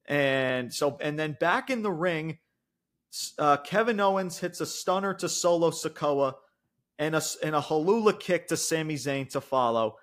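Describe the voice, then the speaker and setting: A man recapping a wrestling match in a casual, excitable way, swearing freely and tripping over his words. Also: fairly high pitch, normal speed. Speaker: wrestling show reviewer.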